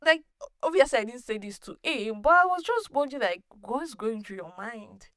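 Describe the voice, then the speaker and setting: Woman telling a story, smooth dry voice. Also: a little high, moderate pace, no echo. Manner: animated, laughs often, restarts sentences. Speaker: podcast host. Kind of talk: casual storytelling monologue.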